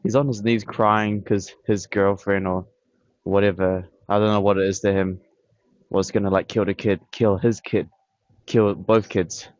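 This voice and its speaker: A man with a fairly low voice rambles bluntly to his camera, dismissive and repetitive. The sound is dry and close, with dull lo-fi camera audio. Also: level tone, unhurried, dry recording. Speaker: vlogger. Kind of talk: casual rambling monologue. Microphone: camera on tripod.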